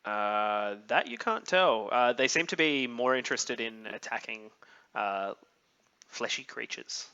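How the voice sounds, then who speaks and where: A man narrating a tabletop game as game master, describing scenes in a halting, thoughtful way with many pauses. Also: mid-range voice, animated, bright, forceful tone, smooth, dull audio.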